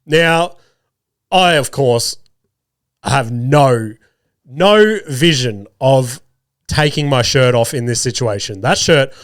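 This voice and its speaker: A man's voice: medium pitch, expressive, slow, pauses often, no room sound, clean studio sound. A man in his thirties with an Australian accent, hosting a podcast while sick, telling stories in a sweary, self-deprecating way. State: sick, voice rough. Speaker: podcast host. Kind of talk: casual storytelling monologue.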